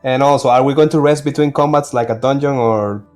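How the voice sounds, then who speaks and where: A man's voice: medium pitch, fairly even intonation, a little fast, a little mellow, faint music behind. A man in casual game voice chat, asking plain questions about the rules. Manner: inquisitive, asks plain questions. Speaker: player.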